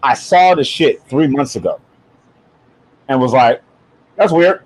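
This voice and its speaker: A man hosting a podcast in casual chat, animated and rambling, laughing often as he tells stories. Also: medium pitch, unhurried, poor audio. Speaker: podcast host.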